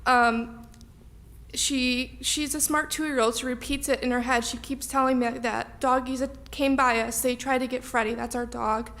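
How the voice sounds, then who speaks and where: A young woman giving a public comment at a village meeting, emotional and halting, close to tears, with many ums. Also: high voice, fairly even intonation, fairly bright tone. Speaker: resident speaking at public comment.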